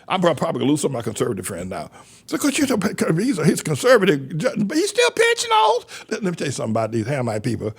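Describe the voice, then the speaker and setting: A man, a church pastor, giving animated sermon-style commentary with a stammering, repetitive delivery and loud outbursts. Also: fairly high pitch, fast, gravelly, slightly rough.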